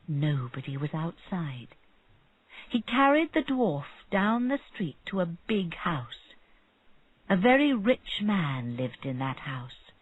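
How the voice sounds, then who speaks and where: Slow husky storybook narrator. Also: medium pitch, sing-song, no echo. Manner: slow, clear storytelling for learners. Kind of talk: slow graded-reader narration. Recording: narrow phone-like sound.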